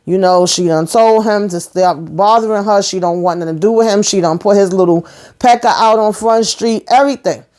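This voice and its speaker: A woman's voice: mid-range voice, a little fast, a little mellow. A woman casually recapping a TV episode, retelling scenes with quoted dialogue. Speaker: TV recap host.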